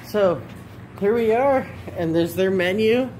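A man's voice: sits high, slow. A man casually vlogging outdoors at a small food stand, chatty and joking as he films with a handheld phone. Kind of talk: casual vlog narration. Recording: outdoor traffic noise.

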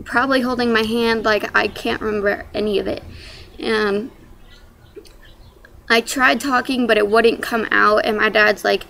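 A woman's voice: a little high, fairly bright tone, a little hiss or hum. Young woman rambling through a story. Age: young adult. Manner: casual, rambling, lots of "like" and "um". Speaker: young mother telling her birth story. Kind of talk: personal storytelling vlog.

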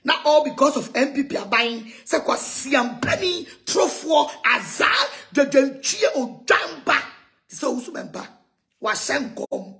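Loud mocking Ghanaian woman. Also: sits high, lively intonation, measured pace. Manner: loud, mocking, laughing and shouting insults. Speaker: self-styled prophetess ranting on video. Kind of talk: heated rant in Twi and English.

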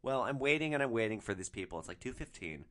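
Animated man telling wild stories. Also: medium pitch, fast. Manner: animated, profane, lively storyteller. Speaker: podcast host. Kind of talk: storytelling podcast.

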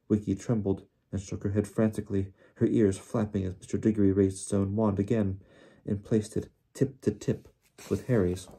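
A man reading a novel aloud in even, unhurried narration. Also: on the low side, gravelly, breathy edge. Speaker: audiobook reader.

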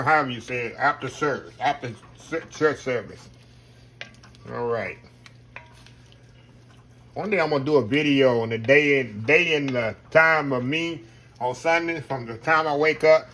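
In a casual cooking video, a folksy home cook chats while he cooks at home, calling viewers "y'all." His voice is medium-pitched and a bit bright, with a little hiss or hum on the recording.

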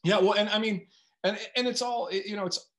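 A man's voice: high voice, steady tone, brisk, crowd noise. A man, a guest author talking casually and animatedly in an interview, thinking aloud with lots of filler words.

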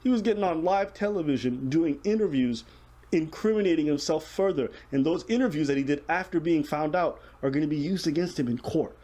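A man's voice: a little high, expressive, brisk, mellow. A man hosting a casual reaction show, explaining the news bluntly with profanity.

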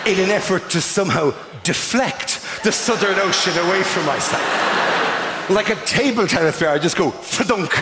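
An Irish man doing stand-up on a theatre stage, his voice pitched high and bouncing around a long, roomy hall. Loud ambient noise from the live house sits under everything, and he tells the story in an animated way with sudden loud bursts. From Ireland. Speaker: stand-up comedian. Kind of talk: stand-up comedy routine. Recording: echoey live hall with audience.

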